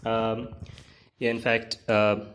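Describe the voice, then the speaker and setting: A man's voice: lowish voice, monotone, slow, a bit bright, slight background noise. A man giving casual, rambling commentary while flipping through comic pages, with many fillers and restarts. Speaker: comic book reviewer.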